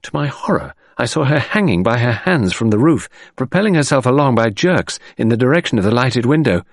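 A man reading an audiobook narration in a measured, expressive way. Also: medium pitch, no room sound, clean studio sound.

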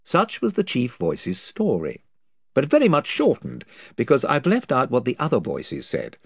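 A reader giving lively, expressive storybook narration. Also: medium pitch, normal speed, creaky, breathy edge, dry recording, clean studio sound. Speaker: audiobook reader.

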